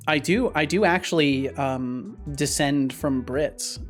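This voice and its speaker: A man talking casually to his livestream audience, rambling with many restarts. He breaks into loud, excited outbursts, and faint background music runs under his voice. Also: fairly high pitch, slow, few pauses. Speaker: streamer and game developer.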